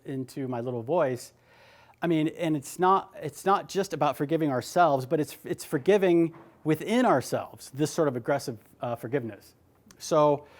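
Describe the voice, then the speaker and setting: A man giving a motivational talk, animated and emphatic, often repeating his words. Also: fairly high pitch. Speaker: motivational speaker.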